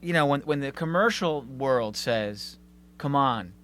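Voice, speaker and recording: A man's voice: mid-range voice, animated, measured pace, a bit bright. A man hosting a radio interview, enthusiastic and joking in easygoing chat. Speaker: radio host. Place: radio studio.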